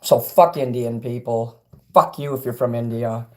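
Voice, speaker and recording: A man's voice: mid-range voice, fairly even intonation, normal speed. Agitated profane middle-aged man ranting. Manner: profane, agitated, swings between shouting and quiet. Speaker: livestreamer reading chat. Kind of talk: angry livestream rant.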